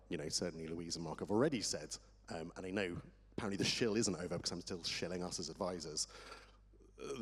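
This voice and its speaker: A man's voice: low voice, slightly rough. A man speaking as a crypto tax advisor on a conference panel, eager and digressive, losing and finding his thread. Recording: reverberant conference hall.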